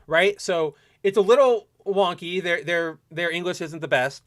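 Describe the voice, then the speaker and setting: A young man hosting a casual solo podcast, delivering an animated, opinionated rant from his home setup. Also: high-pitched, moderate pace, few pauses, dry recording, studio quality. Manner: animated ranting, mocking quoted voices. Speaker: podcast host.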